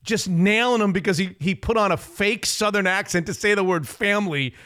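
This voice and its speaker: A man hosting a sports radio show, talking in an opinionated, emphatic, rapid way. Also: sits high, pushed and bright. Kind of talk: casual sports talk.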